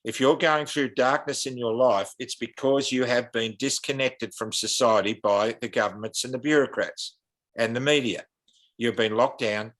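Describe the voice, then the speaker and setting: A man's voice: medium pitch, fairly even intonation, moderate pace, fairly bright tone. A man with an Australian accent, a podcast guest speaking earnestly and with passion, like a preacher.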